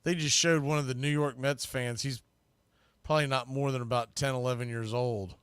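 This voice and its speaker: A man calling baseball play-by-play for a live stream watch party, talking through game strategy and getting louder on the big pitches. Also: steady tone, normal speed, clear, resonant tone, no echo. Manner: conversational, analytical, bursts louder on big pitches. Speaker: play-by-play announcer.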